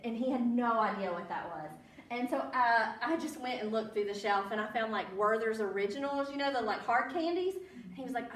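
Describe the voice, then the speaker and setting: A woman's voice: a little high, expressive, fairly quick. Chatty Southern American woman, roomy distant sound. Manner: chatty, laughs often, quizzes the audience. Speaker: library guest speaker. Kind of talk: casual storytelling talk to an audience. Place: public library meeting room.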